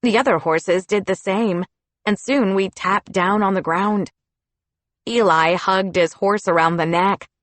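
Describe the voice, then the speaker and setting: A woman narrating a children's fantasy audiobook in a steady storytelling delivery. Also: mid-range voice, unhurried, no echo. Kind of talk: scripted narration.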